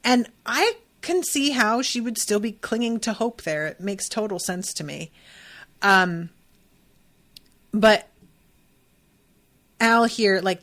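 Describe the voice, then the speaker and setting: Chatty woman recapping an episode. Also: fairly low pitch. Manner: chatty, animated, playfully profane. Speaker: podcast host.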